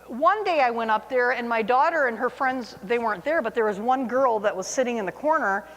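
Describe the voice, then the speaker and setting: A woman's voice: fairly high pitch, fairly quick, a bit bright. A woman in her forties, a teacher, telling a funny personal story to an audience with self-mocking humor. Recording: long hall reverb.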